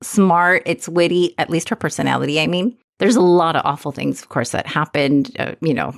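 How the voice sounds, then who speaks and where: A woman co-hosting a podcast in casual chat, animated and quick to laugh. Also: low voice, gravelly. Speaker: podcast co-host.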